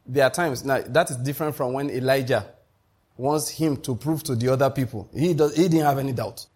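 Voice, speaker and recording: A man preaching a sermon, emphatic and rising in pitch to drive his points home, often checking that his congregation is following him. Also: brisk, darkish tone, breathy edge. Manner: asks the congregation to repeat and confirm. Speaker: pastor.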